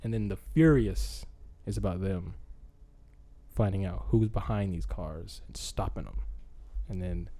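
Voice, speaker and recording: A casual young man with a somewhat low voice spins a story on a podcast. He rambles and piles on fillers, breaking into quick acted-out lines as he goes. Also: dark tone. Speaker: podcast host. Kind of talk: casual chat.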